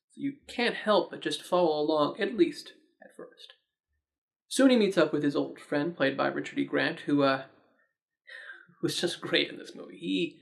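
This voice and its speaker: A man hosting his own movie review channel, talking in a casual, chatty way with playful, sarcastic asides. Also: a little high.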